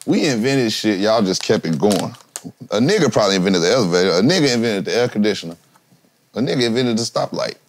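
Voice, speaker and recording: A man's voice: lowish voice, big pitch swings, quick pace, slight background noise. A man guesting on a podcast, chatting casually in blunt, profane street slang with a laid-back attitude. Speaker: guest, rapper. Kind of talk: casual chat.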